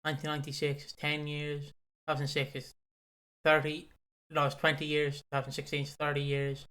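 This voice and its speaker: Rambling, excitable young man, fairly high. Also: brisk. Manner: rambling, swears often, excitable storyteller. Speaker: podcast co-host. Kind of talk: casual wrestling chat.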